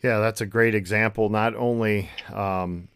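A podcast host with a low, deep voice asks questions with some hesitation and fillers. The recording is dry and close, with no room sound. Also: male voice, fairly even intonation, measured pace, fairly bright tone, clear, resonant tone, no room sound. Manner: gives short backchannel replies. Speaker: podcast host, basketball referee. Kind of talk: interview host.

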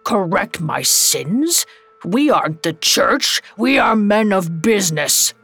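A woman's voice: medium pitch, very animated, slow, a bit bright, slightly rough, soft background music, exaggerated voice. A woman voicing a miserly, skeptical old businessman who scoffs and brushes things off, in an audio drama reading. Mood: scoffing. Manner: scoffing, stubborn, dismissive.

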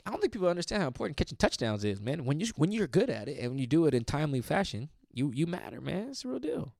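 A man's voice: a little high, very animated, very fast, creaky, darkish tone, no room sound, studio quality. A man hosting a podcast, talking sports in a loose, rambling, slangy way. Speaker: podcast host. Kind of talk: casual sports chat.

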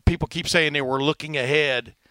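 Brief: male sports podcast host with a Texan twang, quick and jokey, bright voice, dry close mic. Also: on the high side, fairly even intonation, clear, resonant tone, dry recording. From Texas. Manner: fast talker, joking, uses fillers. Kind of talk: casual sports podcast chat.

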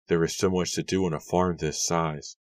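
A man voicing a shy, lonely young farm woman who speaks softly and wistfully, in a storybook reading. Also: low-pitched, little pitch movement, normal speed, no echo, natural voice. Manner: soft, wistful.

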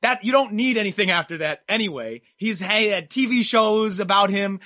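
A man's voice: high-pitched, lively intonation, normal speed, pushed and bright, dry recording, highs cut off. A man talking boxing as a guest, opinionated and rambling with frequent restarts. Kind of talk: casual chat.

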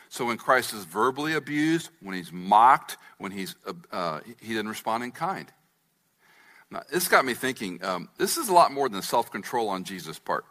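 Walking his congregation through a scripture passage, a pastor delivers an expository sermon and checks that they are keeping up. He speaks at a moderate pace in a mid-range voice that is animated, bright and forceful.

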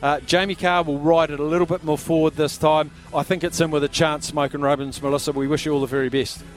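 Loud-talking Australian radio host, higher voice. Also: male voice, level tone, quick pace, faint music behind. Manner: raised voice, talking over pub noise. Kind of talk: live radio sweepstake call-in. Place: pub.

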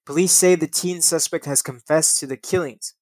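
A man's voice: a little high, moderate pace, darkish tone, no echo. A young man hosting a casual podcast, reading news stories aloud and commenting with frequent swearing and laughing at his own slips. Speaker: podcast host.

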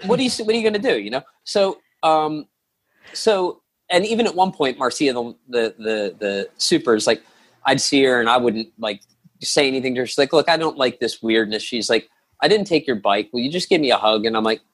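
A man's voice: medium pitch, lively intonation, fairly quick, fairly bright tone. A man telling a long story as a podcast guest, rambling with many restarts and acting out the quotes. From lives in New York. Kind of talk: casual storytelling.

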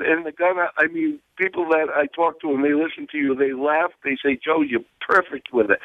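An eager caller, a man, talks earnestly into the show. His voice comes through a thin, phone-like line, dry and a little higher than most men. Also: dry recording. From Rhode Island, United States. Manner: enthusiastic, earnest. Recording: telephone line.

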